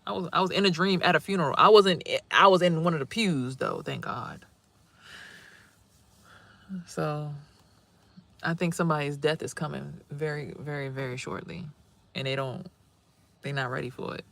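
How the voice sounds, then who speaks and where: A young woman rambling casually in a spiritual vlog outdoors, animated and swearing, exclaiming at things she sees. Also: deep voice, normal speed, gravelly, pauses often. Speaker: spiritual vlogger and reader. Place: outdoors near trees.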